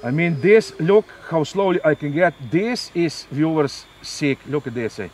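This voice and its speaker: A high-pitched man talks in a swooping, animated way while piloting a model jet in an open field. He exclaims, repeats words and ends lines with "eh?". Faint outdoor noise sits behind him. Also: a little slow. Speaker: RC pilot and channel host. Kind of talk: excited outdoor flying commentary.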